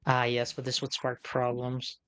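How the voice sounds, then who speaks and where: A man's voice: mid-range voice, monotone, normal speed, fairly bright tone. A man streaming a game, chatting casually and thinking aloud in a self-amused way. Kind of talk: casual live-stream commentary.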